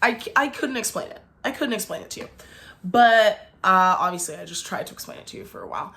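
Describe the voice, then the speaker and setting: Young woman vlogger ranting about a date, lots of "like", mid pitch. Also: lively intonation, quick pace, gravelly, bright, forceful tone. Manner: chatty, peppered with "like", indignant. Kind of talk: storytime vlog.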